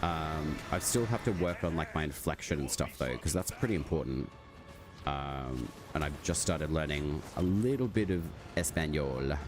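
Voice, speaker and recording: A man's voice: rumbling low, moderate pace, over music. A man streaming a game, chatting casually with his viewers and rambling with lots of "like" fillers. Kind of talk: casual live-stream chat while gaming. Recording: steady background noise.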